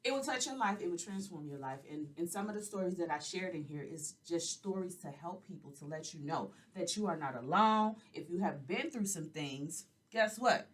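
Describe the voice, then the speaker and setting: A woman in her forties hosting her podcast, talking straight to her listeners in a sassy, animated way. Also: fairly low pitch, moderate pace, few pauses, distant mic. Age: 40s. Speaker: podcast host and life coach. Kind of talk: casual podcast monologue.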